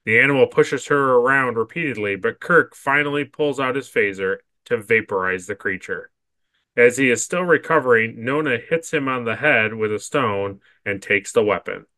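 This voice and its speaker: Podcast guy reading a plot recap, bright tense voice, super dry close mic. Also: mid-range voice, moderate pace, no echo. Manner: laughs often, stammers when giving opinions. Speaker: podcast co-host. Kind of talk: casual chat and reading episode recaps.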